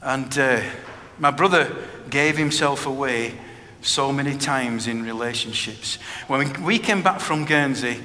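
A middle-aged preacher shares his personal testimony in a sermon, his mid-range voice bright and forceful, measured in pace with hardly any pauses. Earnest and plain-spoken, he repeats phrases frequently, and the hall echoes with faint background noise.

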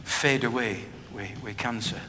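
A man's voice: medium pitch, steady tone, a little slow, sharp tone. A middle-aged man preaching a personal testimony sermon. He speaks earnestly and plainly, often repeating phrases. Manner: earnest, plain-spoken, with frequent repetition. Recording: reverberant hall with faint background noise.

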